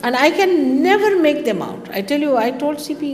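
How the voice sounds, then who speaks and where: A woman, giving a spiritual talk to her followers in a lively, teasing manner with mocking asides. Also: high-pitched, moderate pace, slight background noise. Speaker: spiritual teacher. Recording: long reverb of a hall, faint ambience.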